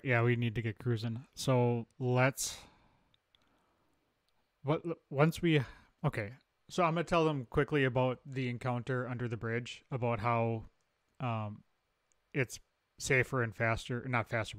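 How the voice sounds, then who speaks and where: A man's voice: medium pitch, steady tone, moderate pace, no room sound, clean studio sound. A man playing a tabletop game, talking through plans in a loose, chatty way. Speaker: player. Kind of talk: casual tabletop play.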